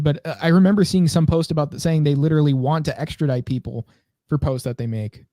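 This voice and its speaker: A man co-hosting a podcast, casually thinking out loud as he scrolls through and reads posts. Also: fairly high pitch, fairly even intonation, quick pace, no echo, clean studio sound. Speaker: podcast co-host.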